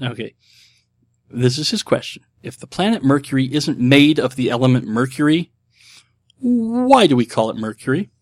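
A man's voice: medium pitch, dry recording. A middle-aged man hosting and answering viewer questions in casual talk. His speech is rambling and reflective, with many restarts and filler words.

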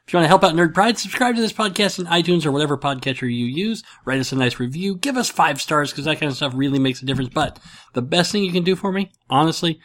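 Chatty man hosting a podcast, slightly high voice. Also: expressive, fast talker, fairly bright tone. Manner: rambling, self-mocking, with many fillers and restarts. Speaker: podcast host. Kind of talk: casual podcast chat.

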